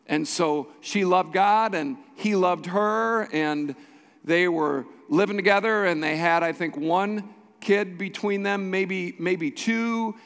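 In a church sanctuary, a high-voiced male pastor preaches slowly, hammering his points home by repeating short, emphatic phrases. His fairly bright, clean voice rings out with a long reverb off the hall.

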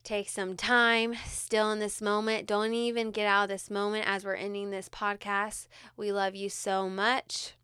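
A woman guides listeners through a prayer meditation in an unhurried, earnest, soft-spoken voice. Her tone is smooth and clear. She lingers on words, and the recording is close and dry with no room sound. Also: medium pitch, level tone, no room sound. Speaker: podcast co-host.

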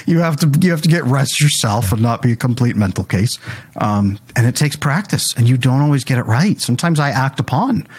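Husky-voiced man, lively storyteller, casual podcast guest. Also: mid-range voice, brisk. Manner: animated storyteller acting out dialogue with his kids. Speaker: guest parenting speaker.

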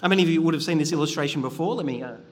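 A man's voice: on the high side, racing, long reverb tail. A middle-aged man preaching a sermon, earnest and conversational, with frequent fillers and restarts.

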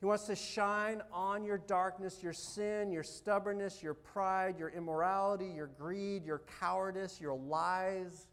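Animated high-voiced male preacher. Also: a little slow, few pauses, clear, resonant tone. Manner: animated, swings from loud urging to soft quiet asides. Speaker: pastor. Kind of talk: sermon.

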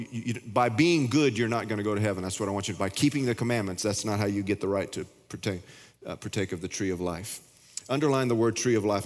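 Pastor guy preaching, folksy and jokey, normal pitch, big echoey church hall. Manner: folksy, joking, plain-spoken preaching. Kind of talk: sermon. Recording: long reverb of a big hall.

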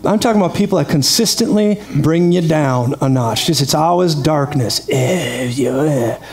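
A man's voice: on the high side, normal speed, vocal fry, crowd noise. A man preaching a sermon in a chatty, storytelling way with laughing asides.

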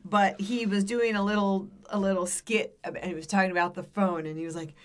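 A woman's voice: mid-range voice, fairly even intonation, a little fast. A middle-aged woman in casual chat, candid and loose, often chiming in with agreement.

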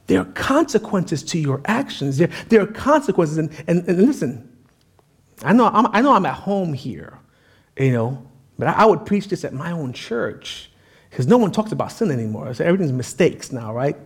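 A man's voice: on the high side, big pitch swings, normal speed, husky. A man preaching a sermon as pastor, in a casual, conversational style with frequent asides.

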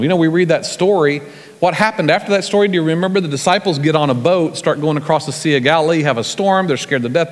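A man preaching as a guest, telling folksy stories in a relaxed, conversational way and acting out the scenes. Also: on the high side. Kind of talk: storytelling sermon. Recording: long reverb from a large church hall.

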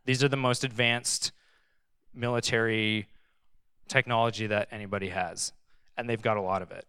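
Animated young male preacher, smooth dry voice. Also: fairly low pitch, moderate pace, no room sound. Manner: animated, conversational, sarcastic asides. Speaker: pastor. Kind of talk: casual sermon with Bible reading.

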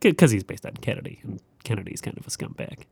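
A man's voice: lowish voice, very animated, fast talker, gravelly, a little mellow, husky, no room sound. A man co-hosting a podcast, making short, blunt remarks in casual chat. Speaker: podcast co-host.

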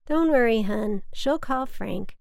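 A woman voicing a brisk, kindly female paramedic who talks casually and soothingly. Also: fairly high pitch, expressive, gravelly, a little mellow, pitched above the performer's own voice, exaggerated voice. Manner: matter-of-fact, soothing, casual.

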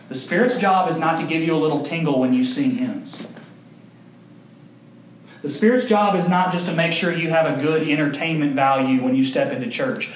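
A young adult man preaching a sermon as pastor, earnest and emphatic, telling stories with lively acted quotes. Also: moderate pace. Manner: animated storytelling with acted quotes, big pitch jumps. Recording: echoey room with faint ambient noise.

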